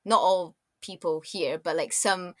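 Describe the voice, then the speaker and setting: A woman guest on a casual podcast interview who rambles with lots of "like" fillers and lets her sentences trail off softly. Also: fairly low pitch, fairly even intonation, measured pace, no echo, studio quality. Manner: rambling, many likes and soft trailing-offs.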